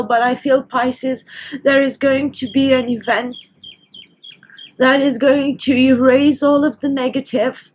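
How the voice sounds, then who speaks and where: High-voiced tearful woman reading tarot. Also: rough recording. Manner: tearful, overcome with emotion. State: teary, near crying. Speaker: tarot reader.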